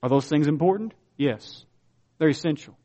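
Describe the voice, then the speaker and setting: A man preaching a sermon as a pastor, with emphatic pauses and big swings between soft and loud. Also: fairly high pitch.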